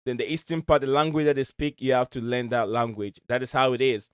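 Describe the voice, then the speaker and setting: Male stream host, loose rambling talk; smooth, dry close sound. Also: medium pitch, fairly even intonation, brisk, dry recording. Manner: rambling, searching for words. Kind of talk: casual chat on a live stream. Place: home in Michigan.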